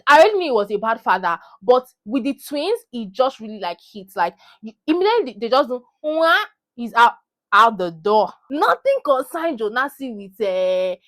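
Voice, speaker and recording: A woman's voice: a little high, very animated, moderate pace, a bit bright. Fired-up Nigerian woman ranting. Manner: heated, emphatic, repeats herself for emphasis. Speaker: vlogger. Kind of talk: animated movie rant. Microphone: phone camera.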